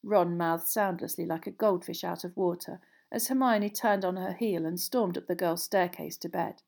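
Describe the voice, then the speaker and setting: A woman narrating a storybook aloud in a steady, measured reading. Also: lowish voice, vocal fry. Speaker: audiobook narrator.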